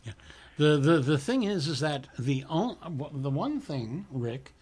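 Slow-talking radio host guy, husky and a bit gravelly, stumbles over words. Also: fairly high pitch, sing-song, a little mellow. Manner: halting, repeats words, instructs a new board operator. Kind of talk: live radio talk show.

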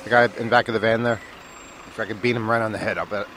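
A man's voice: on the low side, steady tone, quick pace, fairly bright tone. Man, joking co-host, casual chat, balcony over a busy street, faint traffic behind. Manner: joking, chatty, laughs often.

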